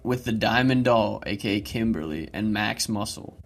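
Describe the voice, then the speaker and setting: A man's voice: fairly low pitch, normal speed, gravelly. A young man co-hosting a wrestling podcast, retelling a scene with laughs and quoted lines in a casual chat. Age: young adult. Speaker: podcast co-host.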